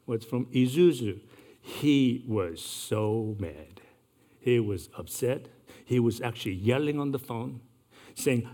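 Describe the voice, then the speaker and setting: A man, earnestly recounting a personal story in a measured way, with occasional restarts. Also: lowish voice, dark tone.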